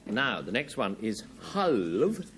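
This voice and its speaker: A man hosting a 1970s panel game show, wry and brisk as he calls on players. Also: on the low side. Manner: lively, wry, reads out definitions. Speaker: quiz show host. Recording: 1970s studio broadcast with audience, noisy. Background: studio audience.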